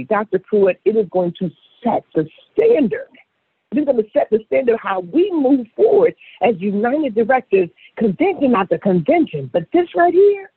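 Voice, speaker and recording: A woman speaking as a sales director on a motivational conference call, excitable and gushing, often repeating herself. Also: fairly high pitch, husky, no room sound. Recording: tinny phone line.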